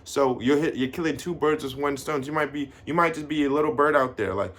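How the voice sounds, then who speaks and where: A young man in a loose, unscripted vlog with a mid-range voice. He drops slang and swear words freely and fills his pauses with "um" and "you know what I mean.". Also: mid-range voice, a bit bright. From United States. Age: young adult. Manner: slangy, swears, uses lots of fillers. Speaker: vlogger. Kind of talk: casual vlog talk to camera. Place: Tokyo.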